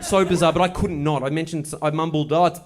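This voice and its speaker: A man doing stand-up, telling a story with wry, deadpan delivery and playful asides. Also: fairly high pitch, brisk, over a noisy crowd. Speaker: stand-up comedian. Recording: live show with audible noise. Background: audience laughter.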